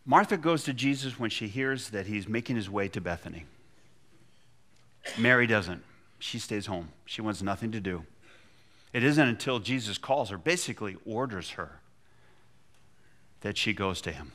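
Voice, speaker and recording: A man's voice: on the low side, lively intonation, moderate pace, pauses often, bright, forceful tone. A man preaching a sermon, retelling a scripture story and acting out the quotes with feeling. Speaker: pastor.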